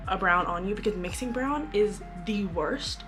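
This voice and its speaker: A woman's voice: medium pitch, animated, moderate pace, over music. A young adult woman painter in her home art studio, chatting casually for her vlog in a rambling way full of "like" fillers. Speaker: painter and vlogger.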